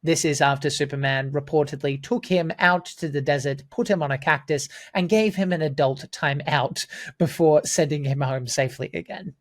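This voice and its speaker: A man's voice: fairly high pitch, moderate pace. A man giving scripted film commentary as a video essayist, earnest and enthusiastic.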